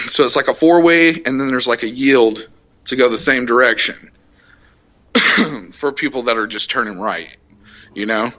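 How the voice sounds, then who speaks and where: A young adult man hosting a casual podcast, telling a heated, profane road-rage story and acting out the shouting. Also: mid-range voice, normal speed, long pauses. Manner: profane, heated retelling, acts out shouted quotes. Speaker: podcast host.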